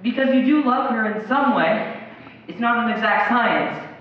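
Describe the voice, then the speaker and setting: A man's voice: extremely high pitch, animated, normal speed, noisy background. A man speaking a reflective, wry monologue about love and marriage. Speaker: narrator. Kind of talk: scripted monologue. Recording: distant, dull, very echoey.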